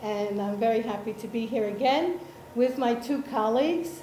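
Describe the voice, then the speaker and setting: A woman from Israel leads a workshop in a reverberant lecture room, faint ambience behind her. Her voice sits a little high but mellow in tone. She talks slowly, hesitating with ums, and keeps checking that the room follows. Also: slight background noise. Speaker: workshop presenter, association chair. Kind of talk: slow explanatory workshop talk.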